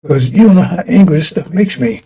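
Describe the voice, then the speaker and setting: Guy preaching on a broadcast, kinda high, raspy gravelly voice, fiery and rambling, keeps restarting lines. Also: animated, brisk, mellow. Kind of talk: broadcast sermon.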